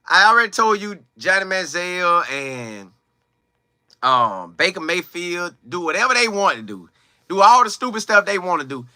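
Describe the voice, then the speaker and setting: Lively high-voiced man ranting. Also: no room sound, studio quality. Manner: animated, emphatic, slangy storytelling. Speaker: sports commentator. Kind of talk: casual commentary vlog.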